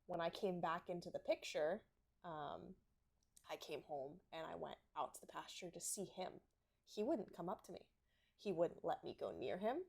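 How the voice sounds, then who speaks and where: A woman's voice: on the low side, normal speed, creaky, a little mellow. A woman co-hosting a casual horse podcast, telling a personal story in a heartfelt, emotional way. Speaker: podcast co-host.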